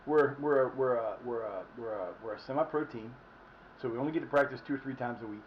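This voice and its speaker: A man chats casually through a live game stream, rambling and restarting his sentences as he thinks aloud. His pitch sits in the ordinary middle range. The audio is a little dull, with a faint hiss underneath. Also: quick pace. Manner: rambling, many restarts and fillers. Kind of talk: casual live gameplay commentary.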